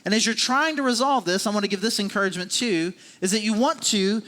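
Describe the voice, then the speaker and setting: A man's voice: sits high, fast talker, pushed and bright. A man preaching a sermon as a pastor, talking in a conversational, self-deprecating way with many restarts and repeated phrases.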